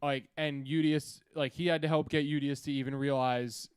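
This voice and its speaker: A man's voice: a little high, steady tone, moderate pace, smooth, no room sound, clean studio sound. A young man co-hosting a podcast, joking and hyped in casual chat. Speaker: podcast co-host.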